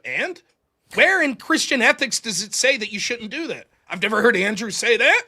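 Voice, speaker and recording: A man's voice: very high-pitched, big pitch swings, normal speed, pushed and bright. A man hosting a call-in show, ranting profanely and mocking critics' voices. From United States. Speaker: host. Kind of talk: casual call-in show chat.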